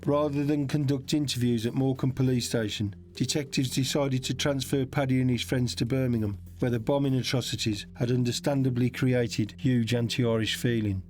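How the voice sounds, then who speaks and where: A man delivering scripted documentary narration in a measured, factual way. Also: medium pitch, steady tone, darkish tone.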